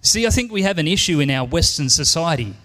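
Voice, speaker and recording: A man's voice: fairly high pitch, animated, quick pace, sharp tone, in a large hall. An Australian man in his forties preaching a sermon in church, earnest and emphatic, repeating his key lines. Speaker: pastor.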